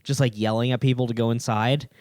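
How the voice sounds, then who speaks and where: A man co-hosting a casual comedy podcast, quick to laugh and jumping into bits. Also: medium pitch, fairly even intonation, a little mellow, dry recording. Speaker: podcast co-host.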